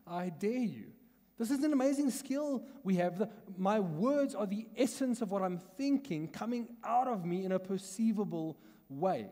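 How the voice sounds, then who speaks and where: Pastor, male, South African accent, mellow voice, chatty teaching tone, church hall with long reverb. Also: high-pitched. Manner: conversational teaching, asks the congregation questions, laughs often. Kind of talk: sermon.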